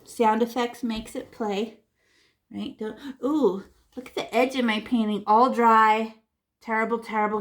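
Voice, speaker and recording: A woman's voice: fairly high pitch, little pitch movement, unhurried. A woman teaching a painting lesson to children in a playful, chatty way, making sound effects and repeating words. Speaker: art teacher. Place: classroom or home room.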